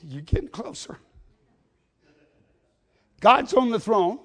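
A man preaching a sermon, telling folksy stories and rising into shouts. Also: high voice, sing-song, takes it slowly, pauses often, husky.

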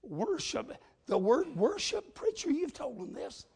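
A man preaching a sermon, telling folksy stories and rising into shouts. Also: extremely high pitch, big pitch swings, a little slow, creaky.

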